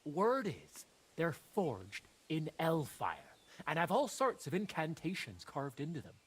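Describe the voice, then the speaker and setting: A man's voice: on the high side, wildly swooping pitch, a little slow, husky, full character voice. An actor playing an eager medieval guildsman in a video game, with a persuasive, coaxing manner.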